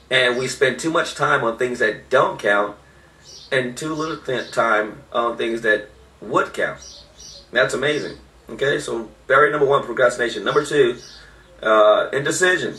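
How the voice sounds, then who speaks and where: A man's voice: medium pitch, pushed and bright, distant mic. A man giving an informal motivational talk, emphatic and repeating his key points. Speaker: motivational speaker. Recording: echoey room, voice off-mic.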